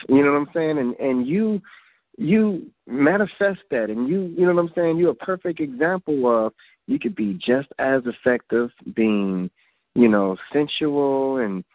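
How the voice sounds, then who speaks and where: A man's voice: on the high side, no echo. A man hosting a call-in poetry radio show, chatting casually and loosely. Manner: relaxed, repeats "you know what I'm saying". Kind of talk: casual chat. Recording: phone line.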